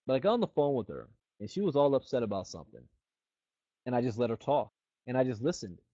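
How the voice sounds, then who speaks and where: A middle-aged man leads a motivational sales training in a mid-pitched voice, slipping into the voices of the people in his stories. The sound is dull and dry, with no room around it. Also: fast, no room sound. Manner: animated storyteller who acts out the quoted people. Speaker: network marketing trainer.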